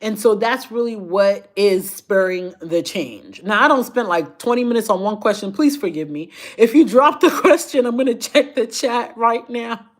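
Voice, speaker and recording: A middle-aged woman chats through a live viewer Q&A in a fairly high voice. She laughs easily and swings from excited high squeals to quiet, low asides. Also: moderate pace, hardly any pauses. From daughter of immigrant parents, living in the Baltimore area. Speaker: lifestyle and fashion creator. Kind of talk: live Q&A chat, reading viewer comments.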